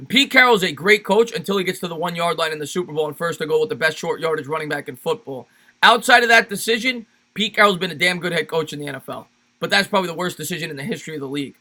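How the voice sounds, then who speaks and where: A man's voice: a little high, pushed and bright. A man hosting a casual sports livestream, chatting loosely with viewers and repeating his phrases. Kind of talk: casual live chat reading viewer comments.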